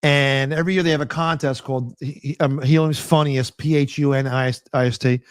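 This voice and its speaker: A man co-hosting a casual chat, telling stories with lively acted-out bits. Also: mid-range voice, a little fast, clean tone, no echo. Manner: animated storyteller, acts out scenes and sound effects. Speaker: podcast co-host.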